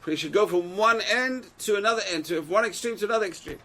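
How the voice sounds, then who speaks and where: Male Torah teacher, rapid delivery, poses rhetorical questions to students. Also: sits high, fairly bright tone. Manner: reads Hebrew texts aloud then translates and explains; asks rhetorical questions to the class. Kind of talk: Torah class.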